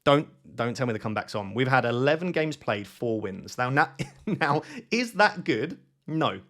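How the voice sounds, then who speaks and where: Lively man thinking aloud. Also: medium pitch, normal speed. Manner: thinks aloud, excitable, self-questioning. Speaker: gaming YouTuber. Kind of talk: live gameplay commentary.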